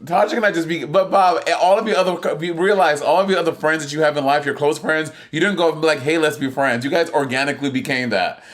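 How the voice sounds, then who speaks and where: A man's voice: on the high side, fast talker, hardly any pauses. A man co-hosting a podcast in casual chat, talking in a sassy, teasing and playful way. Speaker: podcast co-host.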